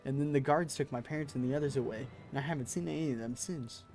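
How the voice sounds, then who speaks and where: A man's voice: mid-range voice, fast talker, a little mellow, faint music behind, lightly acted. A man voicing a timid, pleading little male kobold in a game, with an odd put-on accent and repeated words. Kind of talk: reading game dialogue aloud.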